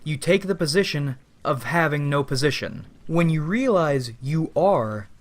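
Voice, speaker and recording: A man giving a rambling, philosophical spoken monologue as a vlogger, with casual profanity. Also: a little high.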